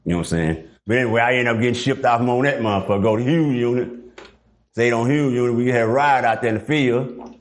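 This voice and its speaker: Animated middle-aged man telling prison stories. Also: mid-range voice, quick pace. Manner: animated, profane, acts out the voices in his stories. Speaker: guest. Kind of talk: casual storytelling interview.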